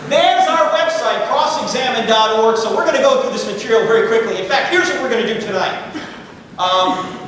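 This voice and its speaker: A middle-aged man giving a humorous lecture to a live audience, with a joking, conversational manner and quick asides to the crowd. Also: high-pitched, a bit bright, a little hiss or hum. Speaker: guest speaker. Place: large university lecture hall. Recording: echoey hall, voice picked up from far off.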